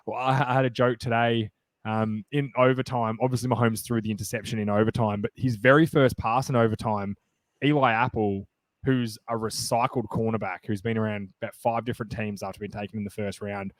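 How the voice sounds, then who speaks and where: Excitable rambling male podcast host, dry sound. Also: fairly low pitch, fairly quick, dry recording. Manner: rambling, excitable, many fillers and restarts. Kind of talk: casual sports chat.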